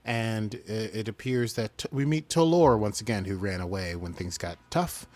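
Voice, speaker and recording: A man's voice: fairly low pitch, lively intonation, moderate pace, a little mellow. A man co-hosting a podcast, chatting casually as he recaps a story and mimics the characters. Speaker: podcast co-host.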